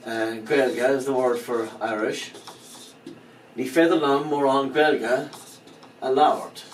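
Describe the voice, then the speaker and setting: A man's voice: mid-range voice, fairly even intonation, unhurried, distant mic. A man giving an informal language lesson, who explains patiently, repeats each phrase and spells out words letter by letter. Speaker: language teacher. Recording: echoey room, voice from off-mic, faint background hum.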